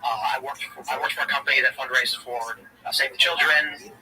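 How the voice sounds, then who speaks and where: A man's voice: mid-range voice, steady tone, brisk, crowd noise. A man in his late thirties hosting a livestream, telling rambling casual stories and laughing at his own jokes. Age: late 30s. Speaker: livestream host. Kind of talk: casual chat. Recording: distant mic with noisy ambience.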